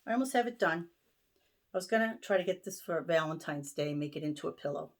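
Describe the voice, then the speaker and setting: A woman's voice: on the low side, expressive, quick pace. Chatty Boston woman showing her stitching. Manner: chatty, many ums and restarts. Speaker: stitching vlogger. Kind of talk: casual show-and-tell chat. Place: home sewing room.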